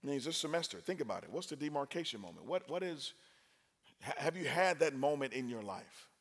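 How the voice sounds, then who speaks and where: A man preaching a sermon in a university chapel, energetic and talking with the crowd, with sudden loud bursts. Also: medium pitch, brisk.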